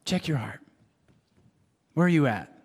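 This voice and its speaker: A man's voice: a little high, expressive, unhurried, slightly rough, big-room sound. A man preaching a sermon as pastor, earnest and conversational, repeating himself and adding asides.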